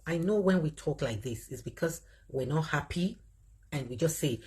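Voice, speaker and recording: A Nigerian woman hosting a livestream, commenting in an animated way and reading out viewer comments as she speaks straight to her audience. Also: low-pitched, moderate pace, slightly rough. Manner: animated, talks straight to viewers, laughs often. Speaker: livestream host.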